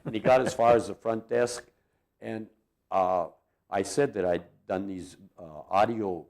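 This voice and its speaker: Low-voiced older man telling old stories. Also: a little slow, a little mellow. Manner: rambling, chuckling anecdotes with many fillers. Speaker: interviewee. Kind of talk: reminiscing storytelling.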